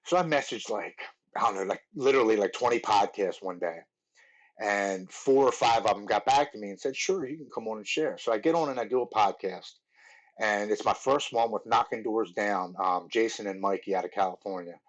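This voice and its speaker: Man in his forties, low voice, earnest storyteller, chatty podcast guest. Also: a little fast, poor audio. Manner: earnest, animated storytelling with many "like" and restarts. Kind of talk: telling his recovery story.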